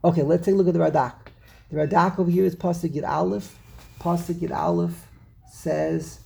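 Male Torah teacher, dark gravelly voice, repeats himself as he explains grammar. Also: on the high side, fairly even intonation. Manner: repeats and restarts phrases, slows down to stress words. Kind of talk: text study lesson explaining grammar.

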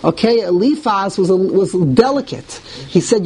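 High-voiced man teaching a Torah class. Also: expressive, normal speed, darkish tone. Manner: reads Hebrew verses, then translates and explains them; restarts phrases often and stresses harsh words.

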